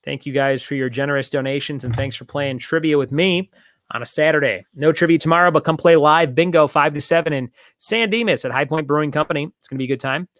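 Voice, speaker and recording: A man's voice: fairly high pitch, fast talker, a bit bright, no echo, clean studio sound. A man hosting a casual online trivia night, chatting in long rambling asides and repeating each question. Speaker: trivia host.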